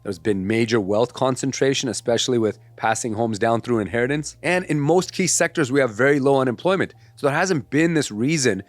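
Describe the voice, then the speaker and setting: Male mortgage advisor, assured and advisory, average pitch, soft music bed. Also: fairly quick, hardly any pauses, dry recording. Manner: confident, advisory, addresses viewers as guys. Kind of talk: scripted explainer to camera.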